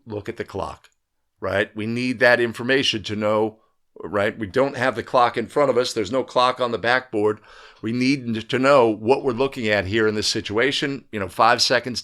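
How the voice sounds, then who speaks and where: A man's voice: mid-range voice, a bit bright. A man hosting an instructional video for basketball officials, talking through game footage in a coaching manner and often checking in with "right?". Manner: coaching, emphatic, with frequent "right?" tags.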